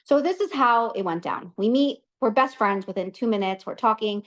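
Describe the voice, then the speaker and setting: A woman giving a talk as guest speaker, telling a personal story in a chatty, animated way with many restarts and side notes. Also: fairly high pitch, normal speed.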